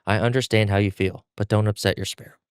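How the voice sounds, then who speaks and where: A man's voice: on the low side, fairly even intonation, quick pace, clean tone, no echo, clean studio sound, lightly acted. A man voicing an earnest, kind-hearted teenage boy swordsman who speaks firmly. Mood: gentle.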